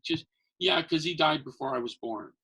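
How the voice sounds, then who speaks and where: This man, a magician who performs as Santa and appears as a podcast guest, tells stories in a casual chat at normal speed. His voice is creaky, and he animatedly acts out the people's voices with big pitch jumps, over a slight hiss or hum.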